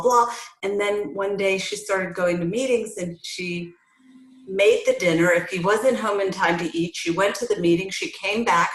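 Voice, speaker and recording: A middle-aged woman coach telling her story in an interview, animated and acting out the voices she quotes. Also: medium pitch. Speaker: family recovery coach, guest. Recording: roomy echoey sound.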